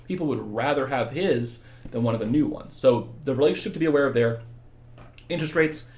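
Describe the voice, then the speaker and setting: Casual male teacher on a livestream. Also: mid-range voice. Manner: casual, quick, answers chat questions by name; tired after hours of talking. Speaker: economics teacher. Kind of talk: livestreamed exam review.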